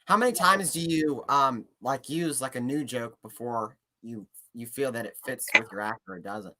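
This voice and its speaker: A man's voice: medium pitch, expressive, normal speed, bright, forceful tone. Hesitant man host asking questions. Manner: hesitant, filler-heavy questions. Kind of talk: casual interview questions.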